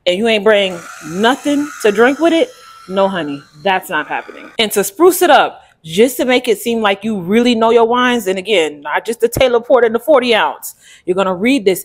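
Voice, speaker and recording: A woman vlogging casually to camera, sassy and playful, reviewing a wine with sudden loud exclamations and Southern-tinged slang. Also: medium pitch.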